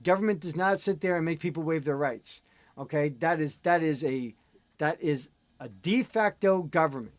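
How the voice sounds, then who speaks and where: A man in casual chat, telling an animated, ranting story as host. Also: fairly high pitch, moderate pace, dry recording.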